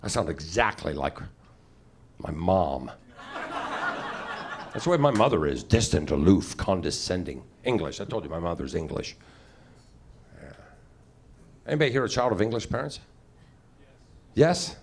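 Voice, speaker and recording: A middle-aged man performing a wry, opinionated stand-up set into a handheld mic. His voice is low and gravelly with lively swings in pitch, and the live club recording carries noticeable noise. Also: normal speed, pauses often. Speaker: stand-up comedian. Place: comedy club stage.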